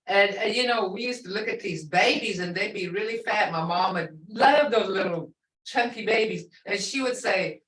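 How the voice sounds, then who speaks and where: Speaking at normal speed in a medium-pitched, fairly bright voice, an older woman leads a language class on a video call. Patiently, she elongates words to demonstrate pronunciation, and the distant mic gives a roomy sound.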